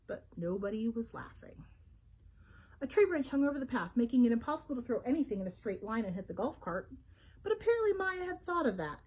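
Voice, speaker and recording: A woman's voice: sits high, breathy edge. A woman librarian reading a children's adventure book aloud, telling it expressively. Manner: expressive storytelling. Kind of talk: storybook read-aloud for children.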